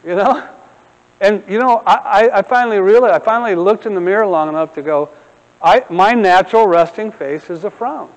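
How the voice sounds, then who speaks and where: A middle-aged man preaching a sermon with humorous storytelling and animated asides, speaking as pastor of a church. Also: sits high, a little fast, in a large hall, lo-fi sound. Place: church sanctuary.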